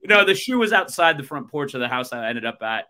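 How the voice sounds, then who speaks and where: A man's voice: medium pitch, sing-song, a little fast, sharp tone. A man in his thirties with an American accent, hosting a podcast and telling long, rambling stories full of fillers in casual chat. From United States. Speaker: podcast host.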